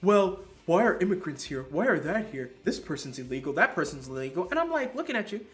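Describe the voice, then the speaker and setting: A man co-hosting a casual podcast, ranting in a profane, animated way. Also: a little high, brisk. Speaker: podcast co-host. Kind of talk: casual political podcast chat.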